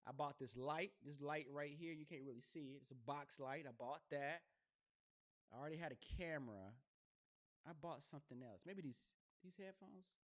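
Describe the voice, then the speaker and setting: A man's voice: fairly high pitch, moderate pace. A man hosting his own podcast, talking casually and rambling in slang, asking "you know what I mean?". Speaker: podcast host. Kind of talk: casual solo podcast talk. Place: home studio with a box light. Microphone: gaming headset.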